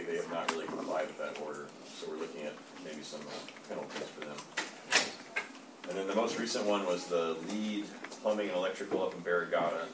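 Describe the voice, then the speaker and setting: Deep-voiced man in an echoey meeting room. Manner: plain, measured, halting with fillers. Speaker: engineer reporting to a committee. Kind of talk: meeting report. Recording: echoey room, distant mic, noisy.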